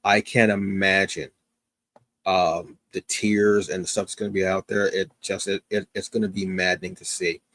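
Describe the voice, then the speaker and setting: A tired host of a comics review show, up since early morning, talks casually and enthusiastically on a solo livestream. His voice is low and a bit bright, with a level tone and moderate pace, and there's no echo. He uses lots of fillers and keeps restarting sentences.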